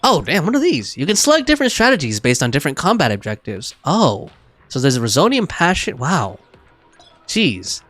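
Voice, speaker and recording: A man's voice: a little high, wildly swooping pitch, normal speed, fairly bright tone, no room sound, soft background music. A man streaming a video game live, chatting casually with viewers, laughing often and reading game text aloud. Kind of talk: casual live-stream chat while gaming.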